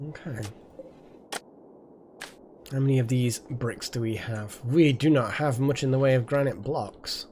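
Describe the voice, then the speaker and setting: A man's voice: medium pitch, unhurried, long pauses, a little mellow, slight background noise. A man streaming a game live, chatting casually and thinking aloud as he plays. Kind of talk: casual live gameplay commentary.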